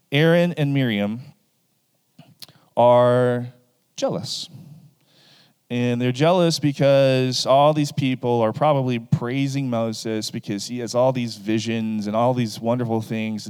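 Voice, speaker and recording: A man's voice: medium pitch, clean tone, in a large hall. A man giving a casual Bible lesson, acting out the people in the story with lots of asides to the listeners. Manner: animated, acts out the people in the story. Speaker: preacher.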